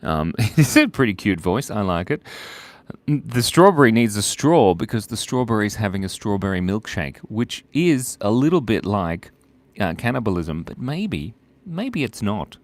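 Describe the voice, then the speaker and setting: A man's voice: fairly low pitch, sing-song, moderate pace, dry recording. A man hosting a live drawing stream, chatting casually, joking, laughing often and reading out viewer comments.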